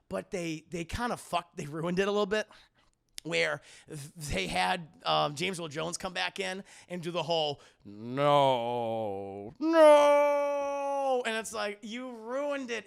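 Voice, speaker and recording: A young man streaming a casual film review to his live chat, excitable and profane, with many restarts. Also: high voice, creaky.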